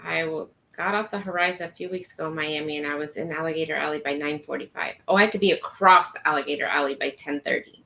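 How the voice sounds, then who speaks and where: Bright chatty woman live-streamer. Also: sits low, steady tone, fast, creaky, hardly any pauses, rough recording. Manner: chatty, laughs often. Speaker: livestream host. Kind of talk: casual live-stream chat.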